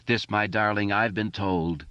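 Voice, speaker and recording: A man's voice: on the low side, fairly even intonation, measured pace, pushed and bright, clean tone, no echo, voice pushed up. A man voicing a neat, careful boy who speaks precisely. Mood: light. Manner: careful, slightly crooning. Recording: dull lo-fi audiobook recording.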